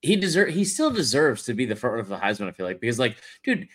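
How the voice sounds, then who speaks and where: A man's voice: medium pitch, big pitch swings, fast, breathy edge. A man co-hosting a sports podcast, rambling and teasing casually, swearing freely. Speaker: podcast co-host.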